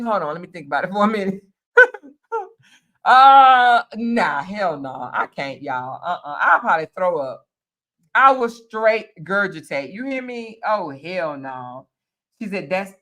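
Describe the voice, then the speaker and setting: A woman's voice: medium pitch, a bit bright. A woman hosting a casual live stream, reading out viewer comments, teasing and laughing as she talks straight to her viewers.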